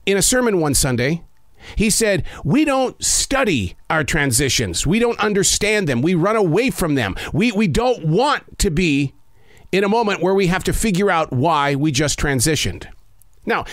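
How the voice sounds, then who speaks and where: A man hosting a reflective spoken-essay show from a home studio, talking in a slow, measured, emphatic way with dramatic pauses. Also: a little high, dry recording. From North Carolina. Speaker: podcast host.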